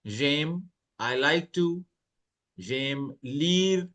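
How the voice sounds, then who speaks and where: Slow-talking man teaching French. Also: mid-range voice, lively intonation, a bit bright. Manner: slow, explains each French phrase in English, lifts voice when reading dialogues. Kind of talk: online French lesson, reading and translating dialogues.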